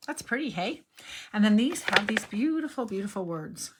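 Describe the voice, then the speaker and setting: A woman's voice: medium pitch, sing-song, moderate pace, background noise. An older woman hosting a card-making tutorial, talking in a rambling, chatty way and drifting into personal stories as she works. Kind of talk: chatty crafting demonstration.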